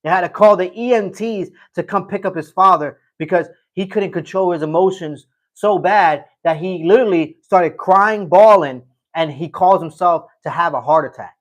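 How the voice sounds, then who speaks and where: A man's voice: sits high, normal speed, few pauses. A middle-aged man hosting a casual livestream, reading chat and telling a rambling story, often repeating himself.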